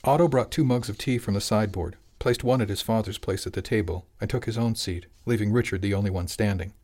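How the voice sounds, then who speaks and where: A man narrating an audiobook in an even, measured storytelling voice. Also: on the low side.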